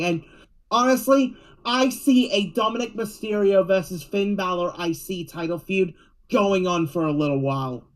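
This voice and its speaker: A man's voice: high-pitched, poor audio. A man co-hosting a podcast, sharing predictions in casual chat and thinking aloud with lots of hedging. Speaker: podcast co-host.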